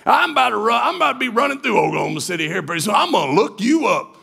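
A man's voice: very high-pitched, sing-song, rapid-fire, gravelly, pushed and bright, slightly rough, heavily acted. A man voicing a huge, chatty male trucker who rambles in a folksy way. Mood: friendly. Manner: folksy, rambling, calls people little buddy.

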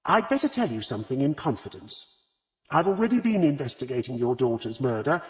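A man's voice: medium pitch, big pitch swings, brisk, lightly acted. A man voicing a blunt, impatient middle-aged woman detective in an audiobook. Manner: blunt and demanding. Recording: dull lo-fi audio with long reverb.

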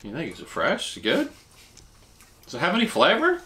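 A bright-voiced food vlog host chats casually through a tasting at a fairly quick pace. He eats as he talks and explains Japanese food terms, his pitch jumping about in a lively way.

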